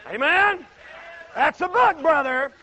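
A middle-aged man preaching a sermon in a folksy way, breaking into shouts and acting out the people in his stories. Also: very high-pitched, lively intonation, slow pace, low-quality recording. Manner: folksy, shouting bursts, dramatic quoted voices.

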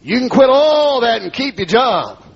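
A man's voice: very high voice, very animated, measured pace, creaky, breathy edge, pitched above the performer's own voice, heavily acted. A man with a rural Southern accent playing a stern middle-aged factory foreman in a sermon. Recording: dull lo-fi recording.

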